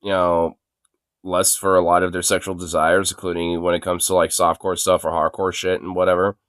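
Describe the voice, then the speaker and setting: Young male streamer host, casual swearing rambler, smooth dry tone. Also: low voice, little pitch movement, a little fast, fairly bright tone, no echo. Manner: rambling, laughs often, swears freely. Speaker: streamer host reacting to videos. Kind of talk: casual reaction chat.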